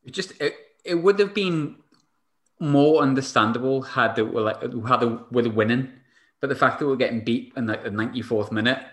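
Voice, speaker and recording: Male podcast host, casual, quick to laugh, mid-pitched. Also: fairly bright tone. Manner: chatty, laughs often, restarts sentences. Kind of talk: casual chat.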